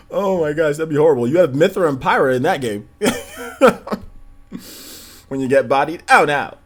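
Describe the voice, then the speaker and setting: A man in his thirties chats on a casual livestream, his voice sitting a little high and swinging widely up and down as he talks. He rambles through stories, often breaking into laughter. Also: animated, a little slow, pauses often. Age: 30s. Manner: rambling storytelling, frequent laughter. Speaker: livestream host.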